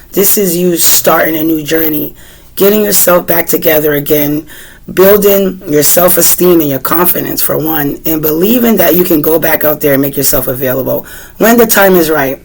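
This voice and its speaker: A woman with a Boston accent giving a casual tarot reading, chatting freely and asking the cards questions aloud, often clearing her throat. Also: low-pitched, normal speed, a little mellow, a little hiss or hum, rough recording. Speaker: tarot reader.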